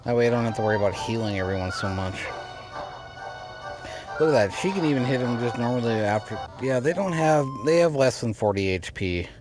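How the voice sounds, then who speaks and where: A man's voice: mid-range voice, animated, fairly quick. A man giving casual let's-play commentary over his game, rambling and often restarting his sentences. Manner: rambling, repeats and restarts himself. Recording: game music audible underneath. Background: game music.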